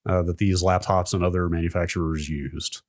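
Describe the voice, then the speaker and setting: A man's voice: deep voice, flat delivery, a little fast, darkish tone, no echo, studio quality. A man co-hosting a tech podcast, casually chatting, asking curious questions and summing up a blog post. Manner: curious, asks questions, reads aloud from a post. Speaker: podcast co-host. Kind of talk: casual chat.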